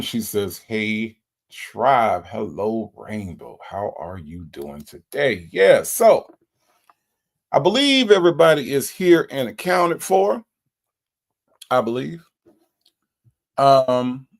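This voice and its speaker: A man's voice: mid-range voice, gravelly. A man hosting a casual livestream, greeting viewers by name in a folksy, chatty way. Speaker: livestream host.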